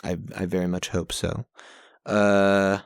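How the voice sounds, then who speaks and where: A man's voice: deep voice, little pitch movement, slow pace, clean tone, no room sound, studio quality. A young man hosting a podcast from home on a pop-filtered mic, recapping his journal week in a casual, sarcastic, profane way and getting easily exasperated. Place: home recording setup.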